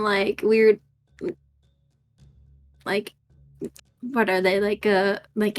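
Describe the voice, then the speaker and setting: A woman player in a tabletop game, chatting casually, self-conscious and hesitant, laughing often. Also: on the high side.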